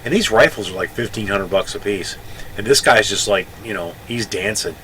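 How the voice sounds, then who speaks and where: A man's voice: lowish voice, normal speed, sharp tone, slight background noise, low-quality recording. A man in his sixties, a Navy veteran telling a rambling story casually, often correcting himself. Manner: rambling, self-correcting, chatty.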